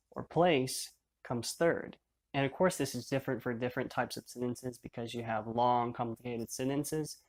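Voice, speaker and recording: A man teaching a beginner language lesson, explaining each step patiently and in order. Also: mid-range voice.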